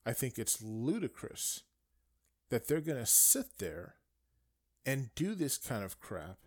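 A man delivering an indignant political rant, swinging between raised outbursts and low muttering asides. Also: very animated, slow. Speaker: political commentator. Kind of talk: ranting monologue.

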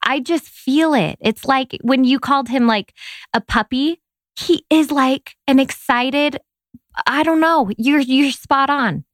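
A woman guest on a podcast chatting casually, animated and self-deprecating, laughing often. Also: high voice, takes it slowly, dry recording, studio quality. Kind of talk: casual interview chat.

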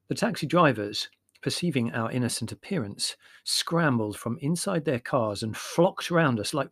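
A man narrating a memoir as an audiobook with wry, expressive storytelling. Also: mid-range voice, dry recording, clean studio sound.

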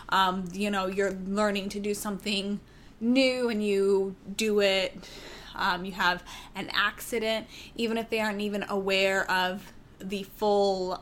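A woman giving calm, reassuring parenting advice in a casual talk to camera, with many "um" fillers and restarts. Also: medium pitch, a little hiss or hum.

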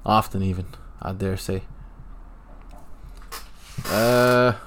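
A man hosting a podcast, casually commentating a football match as he watches it, swearing often and jumping between laid-back talk and excited outbursts into a handheld mic. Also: low voice, very slow, slight background noise. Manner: profane, excitable reactions. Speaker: podcast host.

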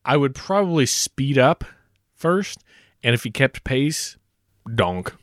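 A man's voice: medium pitch, sing-song, slow, dry recording. A man co-hosting a podcast in casual chat, giving dry, wry replies. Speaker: podcast co-host.

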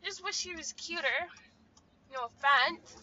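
A woman's voice: very high-pitched, unhurried, pushed and bright, muffled recording, a little hiss or hum. A young woman in a casual venting monologue, profane and ranting, full of "like". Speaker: vlogger.

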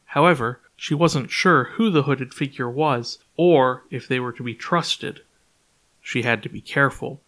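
A man reading his own story aloud as a podcast narrator in a clear, even storytelling manner. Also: medium pitch, unhurried. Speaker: author and podcast reader. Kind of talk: audiobook narration.

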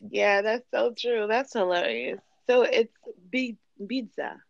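A woman hosting a podcast, chatty and expressive, quick to laugh in casual conversation. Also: a little high, vocal fry, no echo, muffled recording. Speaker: podcast host. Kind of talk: casual chat.

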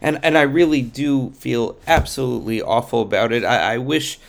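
A man's voice: mid-range voice, moderate pace, gravelly, natural voice. A man voicing a timid, apologetic male craftsman who stammers nervously.

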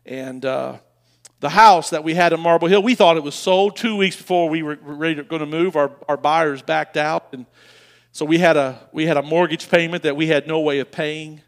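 Middle-aged man, high voice, emotional storytelling preacher who stammers and repeats himself. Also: normal speed. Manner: storytelling, emotional, repeats words, rises to loud passionate bursts. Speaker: pastor. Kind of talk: sermon.

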